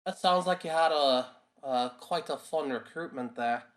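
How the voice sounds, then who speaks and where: A man's voice: fairly high pitch, moderate pace, a bit bright. Easygoing man playing a tabletop game. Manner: easygoing, hesitant narration of his actions. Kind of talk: in-character roleplay.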